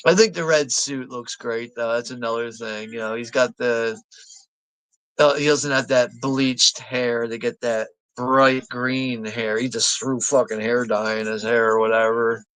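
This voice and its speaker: A man's voice: medium pitch, fairly even intonation, measured pace, a bit bright, no echo. A man hosting a live movie watch party, talking casually, swearing freely and laughing a lot. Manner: profane, laughs often.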